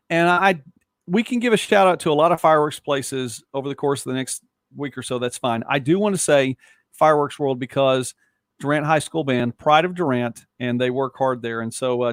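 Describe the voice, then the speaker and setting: A man with a softened Southern US accent, hosting a casual live-stream talk show from a home studio and chatting loosely with viewers. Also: on the high side, no room sound. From born in Texas. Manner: chatty, rambling, reacts to viewer comments. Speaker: host.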